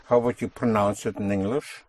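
A man's voice: lowish voice, fairly even intonation, brisk, darkish tone, dry recording. A man teaching a language lesson, patiently explaining and drilling words, checking in with "yes?" as he goes.

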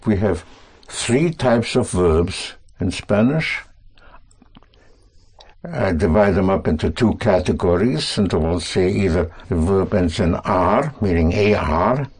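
A man teaching a language lesson to students, speaking slowly and patiently, prompting and correcting them. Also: sits low, lively intonation, a little mellow, breathy edge. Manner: slow, patient, reassuring, repeats and corrects.

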